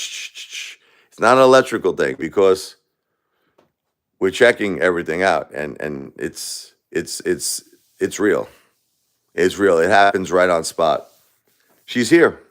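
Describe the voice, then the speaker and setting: A man in his forties hosting a live stream alone at home, grieving and talking in a rambling, repetitive, confessional way. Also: deep voice. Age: 40s. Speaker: livestream host. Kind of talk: live-stream talk to viewers.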